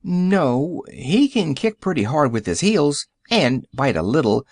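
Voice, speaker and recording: A man's voice: fairly high pitch, sing-song, measured pace, a little mellow, dry recording, studio quality, full character voice. A man voicing a sensible, plain-spoken young girl in a matter-of-fact way.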